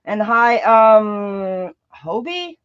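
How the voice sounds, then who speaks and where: A woman's voice: medium pitch, lively intonation, very slow, clean tone. Upbeat woman on dull remote audio. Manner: upbeat and eager, greeting viewers. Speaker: guest artist. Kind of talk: casual live-stream chat.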